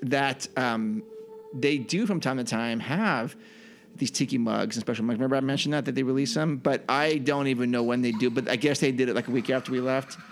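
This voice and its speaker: A man's voice: mid-range voice, brisk, slight background noise. A man co-hosting a podcast in casual chat, telling rambling anecdotes in a chatty way. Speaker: podcast co-host.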